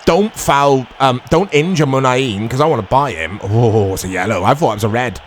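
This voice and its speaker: A man in his thirties casually commentating his own football video game, chatty and quick to get excited. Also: medium pitch, a little hiss or hum. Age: 30s. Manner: chatty, easily excitable, self-deprecating. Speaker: gaming YouTuber.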